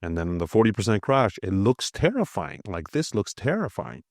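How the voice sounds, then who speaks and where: A man's voice: fairly low pitch, sing-song, moderate pace, no echo, clean studio sound. A man hosting a crypto channel, talking casually over a price chart with a slightly nasal voice, blunt and swearing, often checking in with "okay?".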